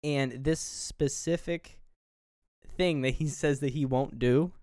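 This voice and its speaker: A man co-hosting a podcast, casually recapping a movie scene by scene with lots of fillers and quick character voices. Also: mid-range voice, darkish tone, no echo, studio quality. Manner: retells scenes, briefly voicing characters; loose, filler-heavy storytelling. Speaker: podcast co-host.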